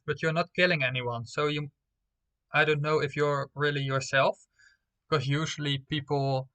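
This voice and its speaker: Bright-voiced young male streamer. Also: medium pitch. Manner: playful, talks straight to viewers. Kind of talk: live stream chat, reading game results aloud.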